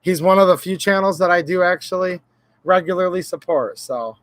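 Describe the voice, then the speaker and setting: A slightly high-voiced man hosts a relaxed livestream, rambling and joking as he greets viewers from chat. The sound is dry and close, with no room echo. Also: normal speed. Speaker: gun channel livestream host. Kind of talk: casual livestream chat reading chat names.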